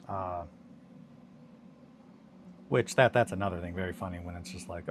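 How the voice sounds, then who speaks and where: A man's voice: sits low, lively intonation, fast, a little hiss or hum. A man chatting casually on a hobby live stream, rambling and joking while he mutters to himself over his work.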